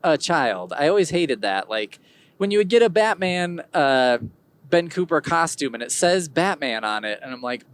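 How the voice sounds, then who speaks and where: A man hosts his own podcast alone, chatting in a loose, rambling way. He wanders from tangent to tangent with dry, wry humor. His pitch swings widely, rising and dipping as he tells his stories. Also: very animated, moderate pace. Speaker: podcast host. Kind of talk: casual solo podcast monologue.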